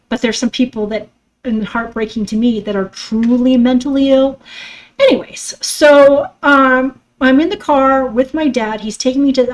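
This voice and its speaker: Candid, profane high-voiced woman storyteller. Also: rough recording. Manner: candid and profane, trails off and restarts, swings from hushed to loud outbursts. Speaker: podcast host. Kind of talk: personal storytelling monologue.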